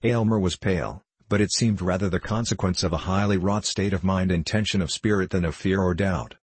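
A man narrating classic fiction in a measured, formal audiobook reading. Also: low-pitched, breathy edge, no echo.

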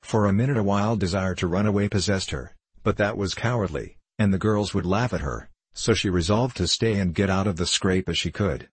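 A man narrating a storybook aloud in a steady, even manner. His voice is deep and slightly husky. The sound is dry and close, with no room around it. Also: fairly quick, hardly any pauses, dry recording. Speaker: audiobook narrator.

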